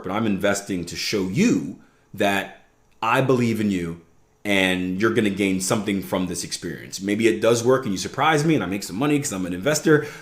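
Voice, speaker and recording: Man in casual solo podcast talk. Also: fairly low pitch. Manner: conversational, frequent "right?" asides. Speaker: podcast host, trading coach. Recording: echoey room.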